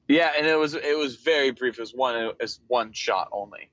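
A man's voice: mid-range voice, moderate pace, fairly bright tone, dry recording. A man co-hosting a podcast, chatting casually about a film, agreeable and jokey, with frequent laughs. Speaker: podcast co-host. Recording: dry, dull lo-fi mic.

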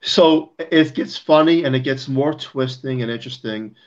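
Male guest, lively conversational storyteller who voices the people he quotes; slightly muffled lo-fi audio. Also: medium pitch, normal speed, a crowd in the background. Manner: animated, acts out quoted dialogue.

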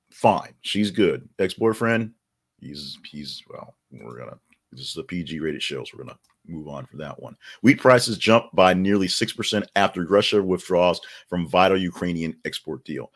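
Male podcast host, low voice, loose chatty news commentary with digressions. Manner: rambling, many fillers, joking asides.

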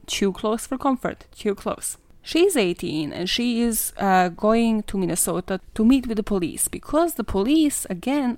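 A woman hosting a podcast with a gravelly fry, recounting a true-crime case in a loose, sarcastic, foul-mouthed way. Her voice sits at a middle pitch and sounds dry and close, with no room around it. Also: darkish tone, dry recording. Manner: profane, sarcastic, laughs often. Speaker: podcast host. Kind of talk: casual true-crime storytelling.

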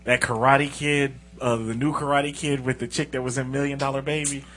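A man's voice: medium pitch, level tone, a little fast, fairly bright tone, a little hiss or hum. A man in casual chat, telling rambling, slangy stories.

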